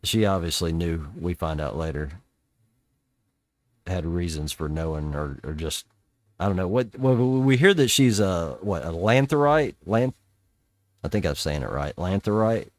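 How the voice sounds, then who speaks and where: A man's voice: low-pitched, animated, unhurried, no room sound. A middle-aged man hosting a podcast in casual chat, rambling loosely and swearing freely. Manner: rambling, swears casually, quotes scenes in voices. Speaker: podcast host.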